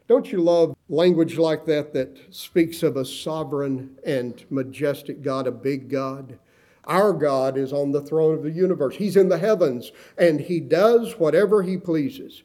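Emphatic preaching man, mellow voice. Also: on the high side. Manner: emphatic preaching, slowing on key words. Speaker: pastor. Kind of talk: sermon.

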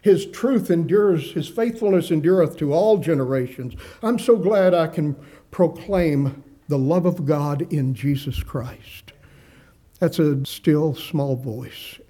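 A man preaching a sermon, earnestly asking his congregation questions, dropping softly on gentle phrases and rising for emphasis. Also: on the high side, takes it slowly.

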